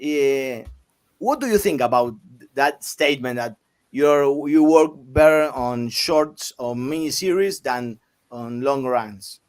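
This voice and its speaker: Slow, halting man interviewing. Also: mid-range voice, smooth. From Argentina. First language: Spanish. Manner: halting, many fillers and restarts. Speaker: interviewer, host.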